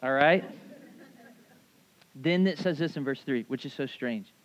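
Animated male pastor, dry muffled sound. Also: mid-range voice, a little slow, no echo. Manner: animated storyteller, acts out voices, casual asides. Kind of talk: sermon.

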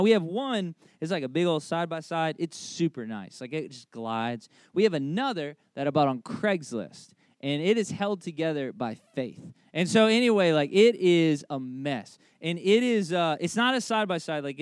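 A man's voice: on the high side, smooth, dry recording. A man in his thirties preaching a sermon, conversational and emphatic, with humorous family stories and repeated key phrases. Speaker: pastor.

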